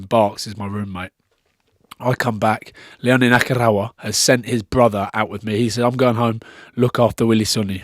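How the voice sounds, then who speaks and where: A man's voice: medium pitch, dry recording, clean studio sound. A man from Scotland, a former rugby player, telling stories as a podcast guest in casual chat. He swears freely and acts out the people he quotes.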